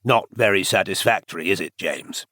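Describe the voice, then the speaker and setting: A man's voice: low-pitched, normal speed, sharp tone, no echo, clean studio sound. A man reading the part of a severe older male spy chief who lectures emphatically. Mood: stern.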